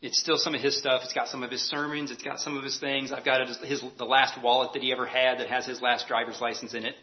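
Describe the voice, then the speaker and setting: A man's voice: mid-range voice, flat delivery, fast talker, muffled recording. A man preaching a sermon as pastor, earnest and emphatic, repeating key phrases for weight.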